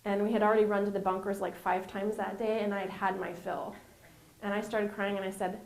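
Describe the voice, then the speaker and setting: A woman's voice: mid-range voice, steady tone, fairly quick, a little mellow. Earnest woman telling her story in a roomy space. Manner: earnest, conversational, laughs often. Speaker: interview guest. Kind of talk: candid personal storytelling. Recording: roomy echo.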